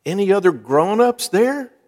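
A man's voice: high voice, lively intonation, normal speed, a little mellow, in a large hall, pitched above the performer's own voice. A man voicing a persistent salesman who keeps asking questions in a raised, chirpy voice. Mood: pushy. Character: persistent adult male door-to-door salesman.

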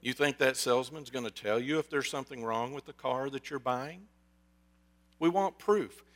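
A pastor preaching a sermon in a conversational, storytelling way, with jokes and asides. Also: male voice, mid-range voice, normal speed, a bit bright. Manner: acts out quoted voices.

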